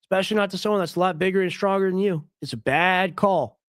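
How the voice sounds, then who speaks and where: A man's voice: high-pitched, quick pace, background noise. A man giving emphatic, argumentative commentary on a clip as a stream host, often repeating himself. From United States.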